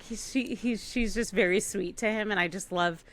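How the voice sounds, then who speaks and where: A woman's voice: medium pitch, moderate pace. A woman co-hosting a casual review podcast, chatty, with lots of agreeing murmurs. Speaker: podcast co-host. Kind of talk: casual chat.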